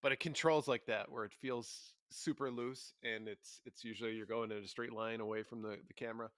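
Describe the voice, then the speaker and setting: A man's voice: lowish voice, fairly even intonation, brisk, a bit bright, no room sound, clean studio sound. A man co-hosting a gaming podcast in casual chat, laid-back, laughing often and swearing freely. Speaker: podcast co-host.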